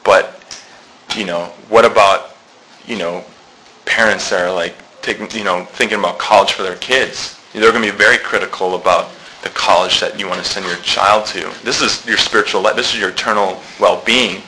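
A man's voice: fairly low pitch, fairly even intonation, normal speed, bright, forceful tone, a little hiss or hum, rough recording. A man talking casually in a church discussion group, chatty, acting out quoted remarks and laughing often.

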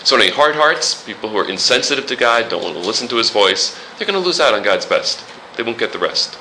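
Bright-voiced man preaching conversationally. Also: mid-range voice, big pitch swings, quick pace, slight background noise, low-quality recording. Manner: conversational, joking asides. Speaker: pastor. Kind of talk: sermon.

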